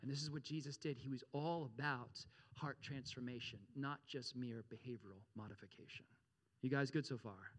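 A man preaching a sermon as pastor, animated, repeating phrases and checking in with his congregation. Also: moderate pace. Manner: animated, addresses congregation with frequent check-ins; repeats phrases, rises in pitch and volume for emphasis.

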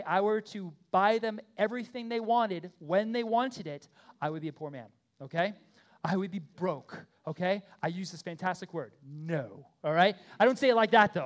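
A man in his thirties preaching a sermon in an earnest, conversational way, often checking in with the congregation and swinging from loud emphatic pleas to quiet asides. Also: sits high. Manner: earnest, conversational with frequent "okay?" and "right?" check-ins. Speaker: pastor.

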